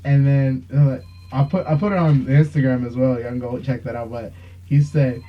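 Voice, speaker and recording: A man's voice: mid-range voice, steady tone, moderate pace. A young man hosting a podcast, telling a long, rambling story in casual chat with plenty of swearing. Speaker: podcast host. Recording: dull lo-fi sound.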